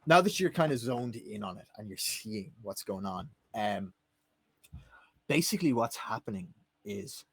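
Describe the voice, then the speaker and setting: Dry-voiced game master. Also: male voice, fairly low pitch, expressive, unhurried, husky, dry recording. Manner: swears casually, laughs often. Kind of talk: improvising a tabletop game.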